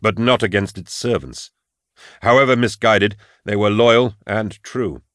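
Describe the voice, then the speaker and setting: A man reading first-person audiobook narration in a grave, measured and sombre manner into a close studio mic. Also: fairly low pitch, a bit bright, no echo.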